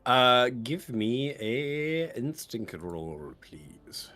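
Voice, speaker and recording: A man's voice: medium pitch, very animated, extremely slow, pushed and bright, faint music behind. Casual, rambling male game master. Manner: casual, full of fillers and restarts. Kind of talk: narrating a tabletop game.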